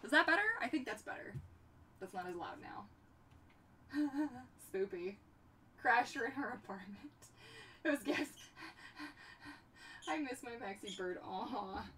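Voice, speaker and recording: A young woman hosting a casual livestream from her home workshop, chatting in an animated way and talking to her pets. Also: a little high, unhurried, long pauses. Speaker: livestream host. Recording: distant mic with background noise.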